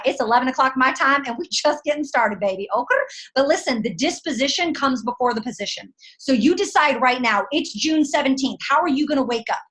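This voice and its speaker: A woman speaks in a high-pitched, fairly bright voice, giving her sales team a fired-up motivational pep talk at home at night. Her delivery is emphatic, slangy, and packed with punchy rhetorical questions.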